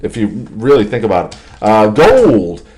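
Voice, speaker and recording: A man giving a casual, jokey stock market commentary over charts, self-amused and animated. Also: fairly low pitch, normal speed.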